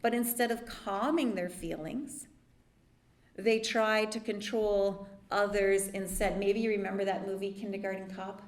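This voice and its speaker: A woman therapist giving a workshop talk, explaining calmly with lively asides. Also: mid-range voice, a little slow, reverberant. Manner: calm explanatory teaching with lively dramatic asides. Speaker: therapist leading a church workshop.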